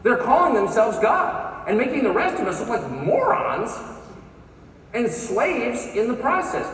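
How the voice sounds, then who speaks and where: A man's voice: very high voice, sing-song, a little slow, a bit bright, a little hiss or hum. A man, giving a sarcastic, mocking speech at a conference. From United States. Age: 50s. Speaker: conference speaker. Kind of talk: live speech to an audience. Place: large conference hall. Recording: echoey hall from far off, faint crowd.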